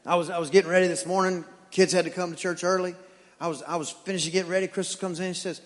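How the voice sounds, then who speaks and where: A high-voiced pastor preaches rapid-fire in a level tone, cracking jokes and acting out the dialogue in his stories. The recording carries the long reverb of a church hall.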